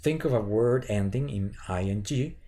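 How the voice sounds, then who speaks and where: A man teaching voice warm-up exercises in a halting way, with many fillers and restarts, sometimes counting aloud. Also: on the low side. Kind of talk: instructional lecture with vocal demonstrations.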